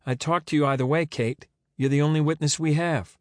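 A man's voice: on the high side, fairly even intonation, fairly quick, no room sound, studio quality, pitched above the performer's own voice, natural voice. A man voicing a patient, persistent woman investigator who keeps probing with questions.

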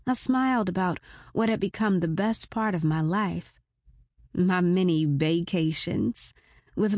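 A woman in her forties reads a first-person story aloud in a frank, wry voice that drops swear words casually. Her voice sits low for a woman. The recording is dry and close, with no room sound. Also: darkish tone, dry recording. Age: 40s. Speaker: audiobook narrator. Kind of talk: first-person audiobook narration.

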